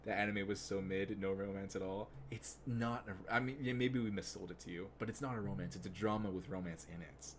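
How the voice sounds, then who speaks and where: A young man streaming live, chatting casually and rambling with lots of fillers, getting excited as he goes. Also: lowish voice, brisk, hardly any pauses, a little hiss or hum.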